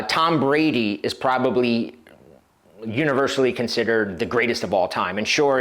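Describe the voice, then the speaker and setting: Animated male dating coach. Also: medium pitch. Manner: animated storytelling, acting out quoted voices; casual with frequent fillers and restarts. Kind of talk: instructional video talk to camera.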